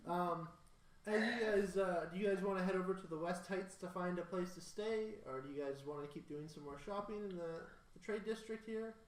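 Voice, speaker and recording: A man running a tabletop game as game master, narrating in a halting way with many ums. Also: sits high. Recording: echoey room, mic at a distance.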